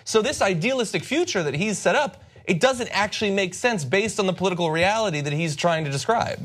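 A man co-hosting a political discussion, speaking in a measured, analytical way. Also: high-pitched, expressive, a bit bright. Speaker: co-host.

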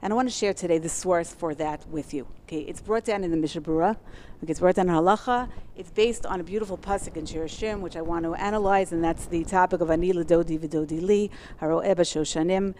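A woman lecturing a class in a quick, eager flow. Her voice sits somewhat low for a woman, and she talks fast to fit in all she has to say. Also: dark tone, a little hiss or hum. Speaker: teacher.

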